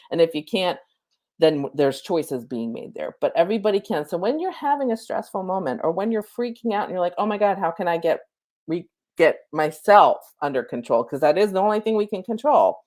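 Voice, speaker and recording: A woman spiritual coach talking casually and reassuringly about slowing down and faith, full of chatty asides and "okay?" check-ins, at times leading a slow counted breathing meditation. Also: lowish voice, a little mellow. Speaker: spiritual coach giving an oracle card reading. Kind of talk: casual spiritual guidance talk.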